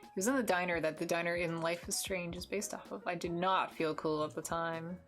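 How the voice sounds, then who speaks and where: A woman's voice: on the low side, fairly even intonation, brisk, fairly bright tone, faint music behind. A young American woman streaming, chatting casually while she draws, rambling with lots of fillers and restarts. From United States. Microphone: desk mic with headphones.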